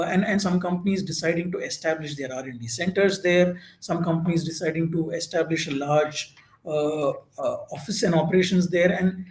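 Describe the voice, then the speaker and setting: A man's voice: sits high, a little mellow, roomy sound, poor audio. A man giving an informal presentation at an info session, talking with many fillers and restarts.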